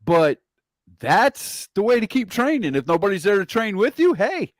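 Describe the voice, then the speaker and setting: A man hosts a casual interview with a high, lively voice that leaps around in pitch. He banters and laughs easily. The sound is dry and close. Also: normal speed, dry recording. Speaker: interview host reading viewer questions.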